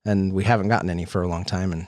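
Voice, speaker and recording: A man's voice: low-pitched, fairly even intonation, very fast, darkish tone, dry recording, clean studio sound. A man co-hosting a casual board game podcast, rambling with restarts and frequent chuckles. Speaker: podcast co-host. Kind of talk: casual chat about board games.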